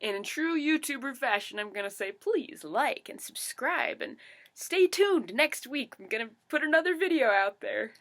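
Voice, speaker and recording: A young woman vlogging at home late at night, chatty, excitable and giggly. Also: high voice, moderate pace. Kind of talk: casual vlog.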